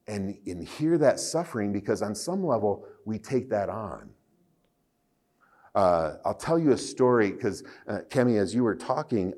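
Animated man telling stories. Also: low voice. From United States. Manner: animated, joking, self-deprecating. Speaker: workshop speaker for clinicians. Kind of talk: lecture with personal storytelling.

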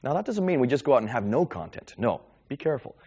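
Lively middle-aged male speaker, quick delivery with wide pitch swings; lecturer fielding questions. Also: breathy edge. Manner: animated, lively storytelling with quick repetitions. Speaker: Christian speaker taking audience questions. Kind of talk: lecture with audience Q&A.

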